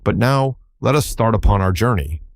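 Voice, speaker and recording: A man's voice: on the low side, expressive, normal speed, no echo, clean studio sound, voice pushed up. Man doing a courteous kind-hearted tin man.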